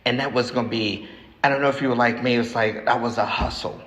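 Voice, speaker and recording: A man in his sixties giving a recovery testimony at a meeting, talking frankly and haltingly, repeating himself as he tells his story. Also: mid-range voice, fairly even intonation, fairly bright tone. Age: 60s. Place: meeting hall. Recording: echoey hall with faint noise.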